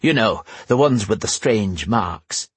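A man's voice: fairly low pitch, animated, slow pace, husky, no room sound, heavily acted. A male narrator voicing a grumpy, grey-haired old cobbler who talks bluntly and grumbles. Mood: gossiping. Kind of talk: audiobook character voice.

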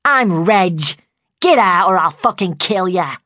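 A woman voicing a gruff, menacing male alter ego who growls and snarls threats. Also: on the low side, expressive, unhurried, fairly bright tone, no room sound, studio quality. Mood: snarling furious.

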